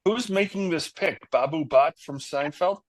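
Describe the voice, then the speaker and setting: A man's voice: fairly high pitch, unhurried, crowd noise. A man co-hosting a sports betting podcast in casual chat, carefully spelling out names and reading off odds. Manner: dry, spells out names letter by letter. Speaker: podcast co-host.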